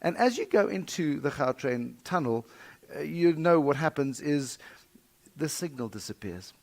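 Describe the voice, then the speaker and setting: At a conference breakfast venue, a middle-aged South African man delivers a humorous keynote as the keynote speaker, telling stories with wry, dramatic swings in volume. His voice is on the high side, sing-song, a little mellow, at normal speed.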